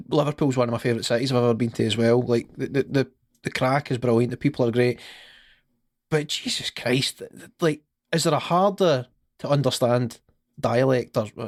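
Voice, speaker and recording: A Scottish man with a voice of ordinary middle pitch, chatting on a podcast. He rambles through stories, swears freely and laughs at his own jokes. The sound is dry and close, with almost no room around it. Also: steady tone, moderate pace, no room sound. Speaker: podcast co-host. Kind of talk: casual podcast chat.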